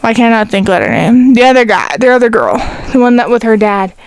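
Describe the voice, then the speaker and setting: A chatty teenage girl rambles through her casual podcast with a fairly high voice. Her voice is smooth and clear, and the recording is dry and close. She talks in long loose runs and sometimes runs short of breath. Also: big pitch swings, fast talker, no echo. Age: teens. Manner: rambling, filler-heavy, talks to her cat. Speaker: podcast host. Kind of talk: casual chat.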